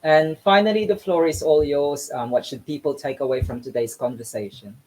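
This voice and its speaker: A man's voice: a little high, brisk, darkish tone, rough recording. A man hosting an interview, asking questions hesitantly with many ums. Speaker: interview host.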